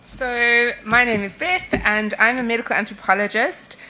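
A woman's voice: on the high side, moderate pace, bright, forceful tone, a little hiss or hum, low-quality recording. A woman, a medical anthropologist, introducing herself in a friendly, conversational way at a conference. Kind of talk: conference presentation. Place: conference hall.

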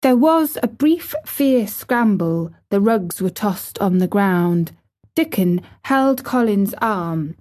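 A woman reading a classic novel aloud as an audiobook narrator, with measured, expressive storytelling. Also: medium pitch.

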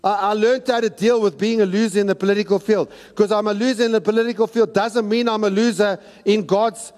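A man with a very high voice preaching a sermon, and his words ring through a big hall with a long echo. He is animated and sometimes breaks into shouts as he acts out the people in his story. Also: brisk. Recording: long reverb of a large hall.

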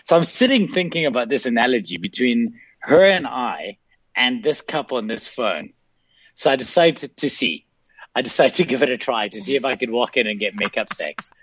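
A man calling in as a guest, telling a casual, animated story. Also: mid-range voice, moderate pace, breathy edge, no echo. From South Africa. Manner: animated, laughing anecdotes with acted-out quotes. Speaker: phone-in guest. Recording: dull phone line.

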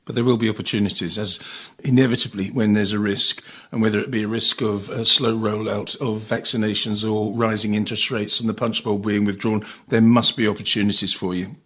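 Man, interviewer, husky voice, conversational probing questions. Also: fairly low pitch, level tone, brisk, a bit bright.

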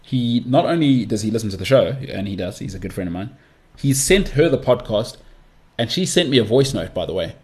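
A man's voice: mid-range voice, lively intonation, fairly quick, darkish tone. A young man hosting a solo podcast, talking in a chatty, rambling way with mocking asides. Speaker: podcast host.

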